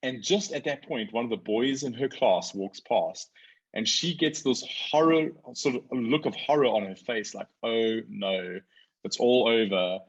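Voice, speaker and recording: A man in his forties telling a story as a guest in a casual conversation, lively when he quotes others. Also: mid-range voice, moderate pace, slightly rough, muffled recording.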